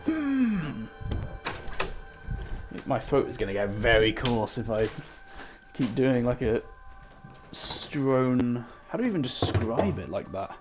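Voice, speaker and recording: A man's voice: medium pitch, animated, unhurried, dull audio, music in the background. A man in casual game commentary, musing aloud and muttering to himself as he plays. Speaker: gamer.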